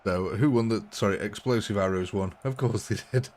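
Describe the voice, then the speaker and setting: Chatty gaming streamer. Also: male voice, fairly low pitch, fairly quick, darkish tone. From English Midlands. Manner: chatty, laughs often. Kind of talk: live gameplay commentary.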